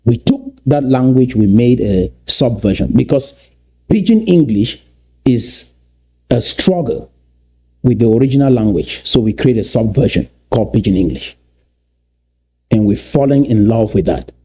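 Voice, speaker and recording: Unhurried and animated, this Cameroonian man offers commentary in a lecturing style, his mid-range voice mellow and husky. He hammers home points by repeating key phrases and drawing out words.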